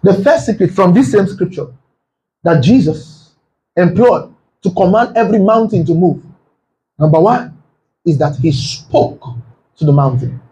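Male pastor, high-pitched, fervent sermon delivery with sudden shouted peaks. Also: animated, measured pace, pauses often, poor audio. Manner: emphatic, rhetorical questions, bursts into shouting. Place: church.

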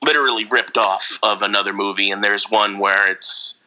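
A man co-hosting a casual podcast, rambling through an animated story with frequent laughs. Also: fairly low pitch, normal speed, rough recording. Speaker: podcast co-host. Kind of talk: casual chat.

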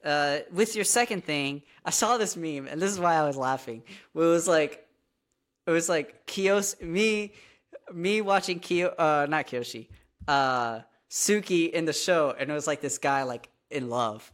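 A podcast co-host in casual chat, talking in an animated way with plenty of "like". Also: mid-range voice, unhurried. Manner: chatty and animated, many fillers of "like".

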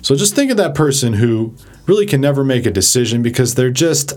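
A man giving a casual vocabulary lesson, chatty and animated, who acts out examples as he explains. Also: mid-range voice, a little fast, faint music behind. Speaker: vocabulary teacher.

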